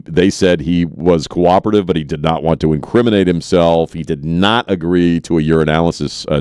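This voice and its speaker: A male morning radio host talking through the news in a casual, halting way, with lots of "uh" and restarts, recorded on a studio microphone. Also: a bass voice, darkish tone, clean tone, no room sound.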